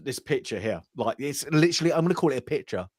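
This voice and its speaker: A man's voice: medium pitch, expressive, fast, breathy edge, dry recording, clean studio sound. Rambling man chatting about a film. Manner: rambling, many restarts and fillers, acts out characters' lines. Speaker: film review co-host. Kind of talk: casual film discussion.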